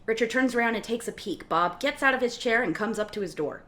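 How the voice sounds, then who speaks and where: A woman reading a screenplay's stage directions aloud in a play reading, with an expressive delivery. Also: fairly high pitch, fast.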